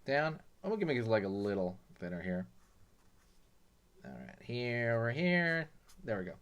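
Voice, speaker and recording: A man's voice: mid-range voice, normal speed. A man hosting a drawing lesson, talking casually and explaining each step with lots of "you know" and "right". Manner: relaxed, chatty, many fillers like "you know" and "right". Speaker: drawing tutorial host.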